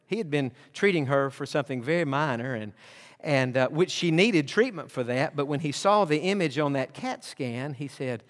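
A man, a pastor, telling a personal story in a sermon, earnest and animated, acting out the dialogue. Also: medium pitch, moderate pace. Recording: long hall reverb.

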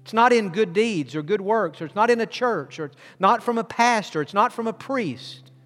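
High-voiced male preacher in a reverberant hall. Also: expressive. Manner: swings from loud preaching to hushed, slow prayer. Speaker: pastor. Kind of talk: sermon with guided prayer.

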